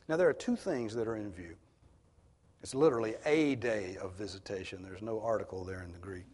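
A man's voice: on the low side, fairly quick, a little mellow. A man preaching an expository sermon as pastor, teaching in an earnest, emphatic way. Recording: long reverb of a hall.

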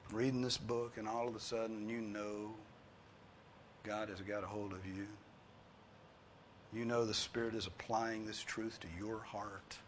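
Delivering a sermon with slight background noise behind him, this pastor sounds earnest and imploring. He hammers his points home through repetition, moving between quiet, low passages and loud, high-pitched ones.

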